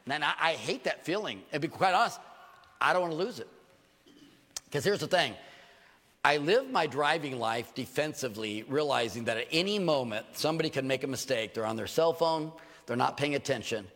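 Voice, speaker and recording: Older man, pastor, animated joking sermon, gravelly voice, very lively pitch, reverberant hall. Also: a little fast. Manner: animated, jokey storytelling with acted asides.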